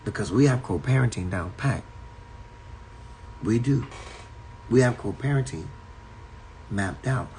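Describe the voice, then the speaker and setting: A man's voice: medium pitch, lively intonation, measured pace, long pauses, darkish tone, a little hiss or hum, rough recording. A man giving a spiritual talk on a livestream from a home, in an emphatic, repetitive preaching cadence. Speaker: spiritual teacher. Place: at home indoors.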